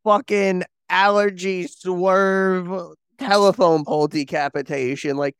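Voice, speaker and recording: A man on a podcast gushes about a horror film, swearing freely and exclaiming. His voice is smooth and resonant, and sits slightly high for a man. The recording is close and dry. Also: steady tone, takes it slowly, dry recording. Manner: enthusiastic, profane, exclamatory. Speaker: podcast co-host. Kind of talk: casual movie discussion.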